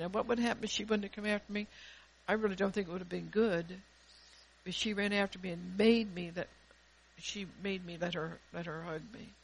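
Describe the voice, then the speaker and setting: A woman pastor delivering a fervent sermon, swelling loud and dropping soft, often restarting her phrases. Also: fairly low pitch, creaky, husky, rough recording.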